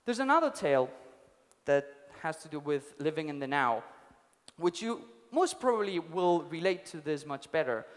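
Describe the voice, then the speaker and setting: Young male conference speaker, casual storyteller, high pitch, reverberant hall. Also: sing-song, normal speed. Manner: casual, swears, tells parables with acted quotes. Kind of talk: storytelling talk. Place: conference stage.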